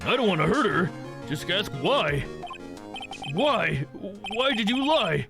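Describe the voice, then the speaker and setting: A man voicing an anguished male convict who speaks in halting broken English, reading game dialogue on a stream. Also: high-pitched, big pitch swings, vocal fry, heavily acted. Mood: pleading. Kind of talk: let's play character reading. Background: game music.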